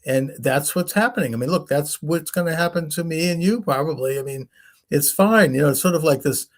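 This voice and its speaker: This male host of a talk show has a voice on the high side and talks fairly quickly. In casual conversation he retells stories in a rambling way, performing the voices of the people in them.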